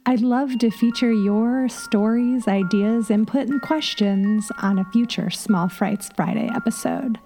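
A woman host narrating a spooky folk tale in a measured, dramatic way. Her voice sits a little high with a dark, mellow tone, and soft music plays faintly underneath. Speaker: podcast host. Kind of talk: scripted storytelling narration.

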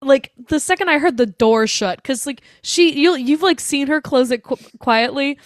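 A woman's voice: high-pitched, moderate pace, no echo. A young woman co-hosting a podcast, recapping a movie in casual chat, acting out the characters' lines and laughing often. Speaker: podcast co-host.

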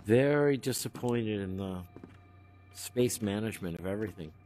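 A man's voice: on the low side, moderate pace, a little mellow, slight background noise. Joking man exploring an old building. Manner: joking, talks aloud to empty rooms. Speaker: cannabis podcast host touring a haunted hotel. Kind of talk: casual walk-through commentary. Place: old hotel building, indoors.

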